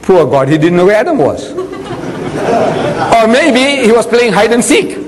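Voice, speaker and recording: A man's voice: very high voice, slow, a crowd in the background, noisy background. An older man giving a religious lecture, telling stories with humour and acting out the dialogue. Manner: lively storytelling, acts out dialogue with humour. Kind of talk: lecture to an audience. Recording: long reverb of a hall.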